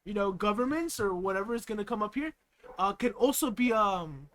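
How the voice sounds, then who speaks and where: A man's voice: high voice, lively intonation, a little fast, a bit bright. A young American man chatting on a live stream, giggling often and rambling with plenty of fillers. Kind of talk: casual live-stream reaction chat.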